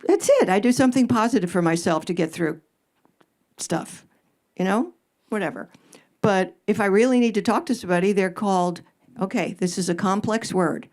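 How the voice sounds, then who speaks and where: An older woman hosting a live advice Q&A, blunt and sarcastic with casual swearing. Her voice sits in a middle pitch range. She fires off punchy jokes at her listeners. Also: normal speed, a little mellow. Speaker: radio advice host answering audience questions. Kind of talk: live stage Q&A. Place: live event in front of an audience.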